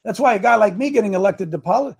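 High-voiced preacher man calling for amens. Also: animated, quick pace, vocal fry, husky. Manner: calls for amens from the congregation; repeats words and restarts, speaks directly to people in the room. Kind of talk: sermon mixed with political talk.

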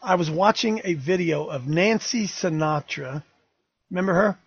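A man's voice: on the high side, a little fast, husky, no room sound, muffled recording. An older man hosting a talk radio show, fiery, emphatic and rambling.

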